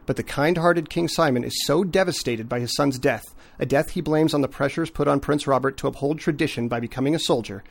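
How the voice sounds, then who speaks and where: Dry-witted man podcast host, higher voice. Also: gravelly. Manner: dry, deliberate, measured wit. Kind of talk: casual podcast chat.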